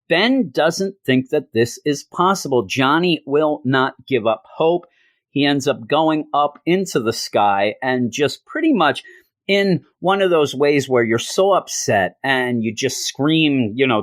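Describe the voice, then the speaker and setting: A man's voice: mid-range voice, lively intonation, a little slow, no room sound. A man chatting casually as he reviews a comic, retelling scenes loosely and slipping into quoted lines. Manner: loose with fillers and restarts.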